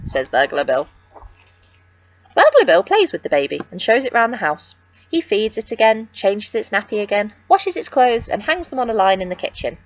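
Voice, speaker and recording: A woman reading a children's picture book aloud with expressive, sing-song storytelling. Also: lowish voice, moderate pace, no room sound, highs cut off.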